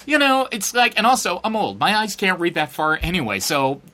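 A middle-aged man telling a story in a casual, sarcastic and profane way, acting out quotes with big jumps in his voice. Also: brisk. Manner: animated, acts out quotes with big pitch jumps.

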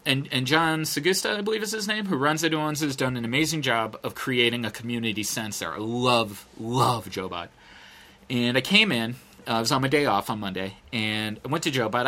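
A middle-aged man telling a story in a casual, sarcastic and profane way, acting out quotes with big jumps in his voice. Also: slight background noise. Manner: animated, acts out quotes with big pitch jumps.

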